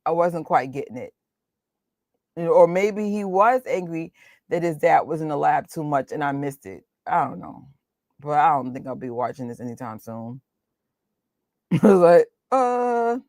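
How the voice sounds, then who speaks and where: Woman, New York accent, forties, low voice, dry close sound, animated casual chat. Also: dry recording. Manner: animated, laughs often, talks in quick bursts. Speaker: host.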